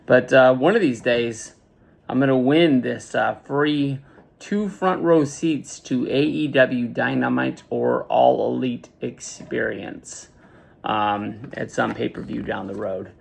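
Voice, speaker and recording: Gravelly laid-back man rambling casually. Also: mid-range voice, takes it slowly. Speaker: unboxing vlogger. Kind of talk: casual unboxing chat.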